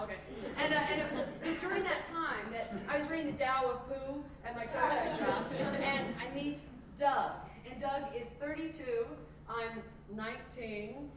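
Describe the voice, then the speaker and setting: A self-mocking woman from Indianapolis tells comic stories onstage, switching quickly and restarting often, in a fairly high voice. The sound is heard from far off in a very echoey theater, with steady noise behind. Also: over a noisy crowd. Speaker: solo stage performer. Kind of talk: live comic storytelling monologue.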